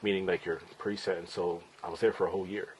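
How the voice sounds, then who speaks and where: Casting note: man in his forties, fairly deep voice, casual blunt podcast storyteller who swears freely. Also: flat delivery, quick pace, slight background noise, low-quality recording. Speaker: podcast host and father. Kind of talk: candid personal storytelling.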